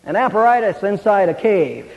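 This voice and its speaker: A preacher voices a big brown bear in a storybook tale, teasing and sniggering. The recording is dull and rings in a big hall. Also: male voice, high-pitched, sing-song, moderate pace, gravelly, heavily acted.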